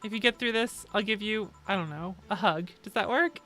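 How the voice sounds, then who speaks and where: A woman's voice: mid-range voice, a little fast, pushed and bright, soft background music, close to an everyday voice. A woman voicing a brusque but caring woman who runs a bar, speaking in short, reassuring phrases. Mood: teasing. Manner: clipped and reassuring.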